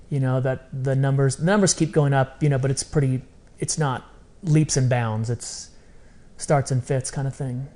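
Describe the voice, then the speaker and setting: Appearing as a guest on a casual podcast interview, a man talks energetically, repeating phrases for emphasis. He has a medium-pitched voice and a moderate pace.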